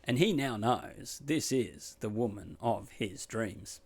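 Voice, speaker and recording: A man telling a story casually and wryly, with a lively voice that rises and falls a lot. His pitch stays in the middle range and he often throws in dry asides. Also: slow, slightly rough. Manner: chatty, wry, animated retelling. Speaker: podcast host.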